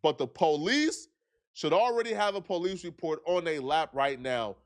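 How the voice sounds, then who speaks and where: Brief: man with a fairly high voice, earnest commentator, argues his point at length. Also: expressive, normal speed. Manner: earnest, argumentative, repeats himself to make points.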